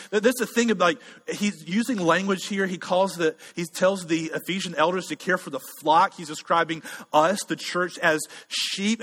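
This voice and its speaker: A man preaching in a loose, chatty, self-deprecating way, often restarting his sentences. His voice sits a little high and sounds bright. The sound rings with a long hall reverb, as in a church sanctuary. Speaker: pastor. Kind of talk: sermon.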